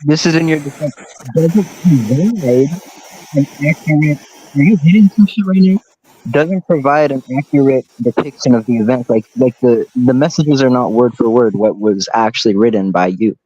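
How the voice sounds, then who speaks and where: Husky man asking halting questions. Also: mid-range voice, dark tone, low-quality recording. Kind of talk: voice chat questioning.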